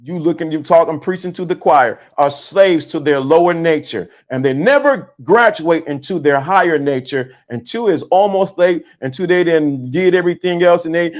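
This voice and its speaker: A man's voice: on the high side, moderate pace, hardly any pauses. A man preaches to his livestream viewers. He repeats key lines and spells words out letter by letter in a motivational talk. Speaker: livestream host.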